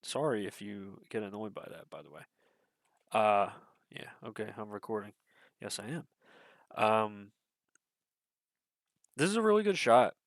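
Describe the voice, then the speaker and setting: Unhurried and pausing often, a young man with a fairly low-pitched voice reacts to a trailer for his channel. His nose is blocked, and his casual commentary rambles, with heavy swearing and hesitant fillers giving way to sudden excitement.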